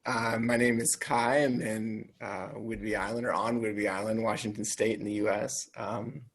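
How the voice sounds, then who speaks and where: A soft-spoken man giving a hesitant check-in on a video call. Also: fairly low pitch, steady tone, moderate pace, creaky, slightly rough.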